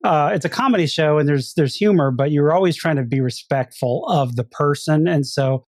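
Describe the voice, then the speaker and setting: A man's voice: fairly high pitch, a little fast, a little mellow, no echo. Podcast host guy asking questions, kinda hesitant, lots of ums, dry sound. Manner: polite, hesitant with fillers. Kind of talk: interview questions.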